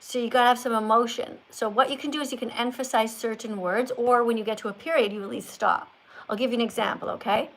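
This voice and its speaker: A woman's voice: a little high, steady tone, fast, creaky, a bit bright, low-quality recording. An older woman hosting a live stream, talking like a strict teacher who corrects and lectures. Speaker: livestream host.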